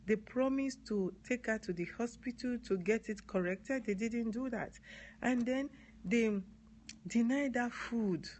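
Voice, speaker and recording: A woman's voice: fairly high pitch, unhurried, darkish tone, a little hiss or hum. A woman from Nigeria with a Nigerian accent, talking earnestly on a live stream, repeating key words and spelling some out. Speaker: advocate live-streaming to viewers. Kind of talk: live-stream talk answering comments.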